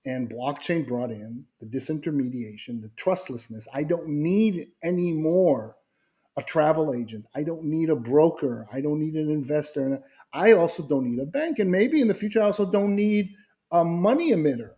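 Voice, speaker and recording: A middle-aged man appears as a guest speaker, explaining his ideas in conversation in a voice on the high side at normal speed. He's an animated storyteller who acts out quoted voices and repeats words whenever he restarts, which is often.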